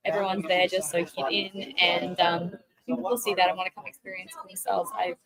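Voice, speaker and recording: A woman's voice: lowish voice, little pitch movement, a little fast, a bit bright, rough recording. A woman with an Australian accent, a singer guesting on a live radio interview, bubbly and chatty.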